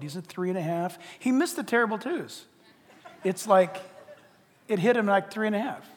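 Animated older man preaching, high voice. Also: a little hiss or hum. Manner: animated, swings from hushed to shouting. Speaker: pastor. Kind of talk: sermon. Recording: long hall reverb.

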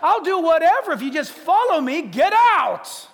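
A man acting out God as a booming, excited figure urging people to get up and go. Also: normal speed, long reverb tail, exaggerated voice. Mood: exuberant. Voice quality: shouting, exuberant.

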